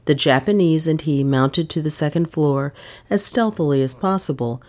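A woman reading a mystery novel aloud in measured, even narration. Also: sits low. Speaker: audiobook narrator. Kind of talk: scripted narration.

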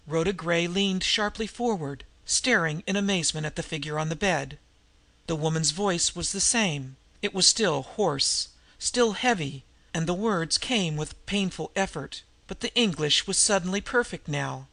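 A man's voice: fairly high pitch, normal speed, vocal fry, sharp tone, dry recording. A man narrating a novel in a scripted reading style, voicing every character himself. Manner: reads the prose and voices every character. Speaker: audiobook narrator.

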